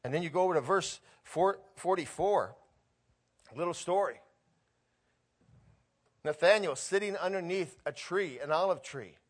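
A middle-aged male pastor with a fairly high voice preaching a sermon. He moves between telling a story and reading scripture aloud, and the scripture reading grows more fervent. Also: normal speed, long pauses, slightly rough. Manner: excitable preaching, reads scripture aloud with rising fervor.

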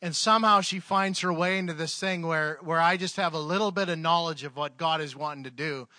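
A man's voice: on the high side, fairly quick, sharp tone, no echo. A man preaching a sermon, telling a story conversationally with fillers, then leading a prayer. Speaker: pastor. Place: church service.

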